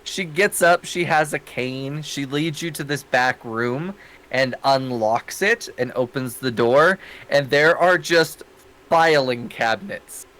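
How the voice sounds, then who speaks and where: A man's voice: medium pitch, slow pace, a bit bright, low-quality recording. A man narrating a tabletop game as game master in an easygoing, rambling way. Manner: easygoing, hums to himself.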